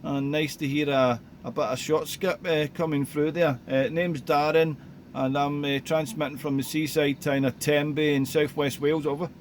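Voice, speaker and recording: A man, chatting casually over CB radio, relaxed and rambling with lots of radio jargon. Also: fairly high pitch, normal speed. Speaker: CB radio operator. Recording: faint background noise.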